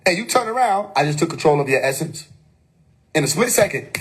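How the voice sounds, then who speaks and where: A man's voice: a little high, expressive, quick pace, breathy edge. A man on a phone live stream giving an emphatic, preachy spiritual monologue, full of rhetorical questions and casual swearing.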